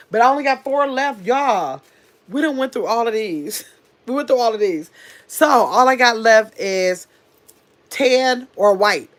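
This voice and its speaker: A woman hosting a casual live stream, chatting quickly and reading viewer comments aloud as she answers them. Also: mid-range voice, fairly bright tone. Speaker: livestream host.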